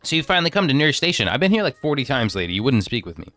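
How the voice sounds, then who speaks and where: A young man with a bright, lively voice chats his way through a video game stream, thinking aloud and stumbling over words with self-deprecating asides. He talks into a desk microphone, and quiet game music runs underneath. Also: mid-range voice, very fast, no room sound. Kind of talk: casual gameplay commentary.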